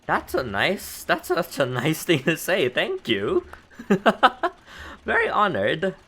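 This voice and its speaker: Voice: mid-range voice, wildly swooping pitch, slow pace, pushed and bright, breathy edge. A streamer from the Philippines with a Filipino accent, chatting casually and thinking aloud while building in a game.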